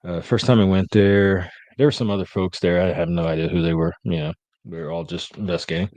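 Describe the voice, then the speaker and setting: A man's voice: low-pitched, steady tone, fast, a little mellow, dry recording. A man hosting a live podcast, chatting loosely with lots of ums and uhs, a little sleepy. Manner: rambling, many ums and uhs. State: sleepy, yawning. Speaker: podcast host. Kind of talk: casual live-stream chat.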